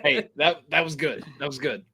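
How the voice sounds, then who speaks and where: A man's voice: fairly high pitch, moderate pace, pushed and bright, slightly rough. A man co-hosting a film podcast in casual chat, agreeable and enthusiastic, egging his partner on. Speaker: podcast co-host.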